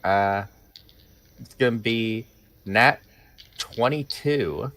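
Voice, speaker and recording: A man's voice: fairly low pitch, drawn-out words, fairly bright tone, a little hiss or hum. A man playing a tabletop game, rambling with many fillers. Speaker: player.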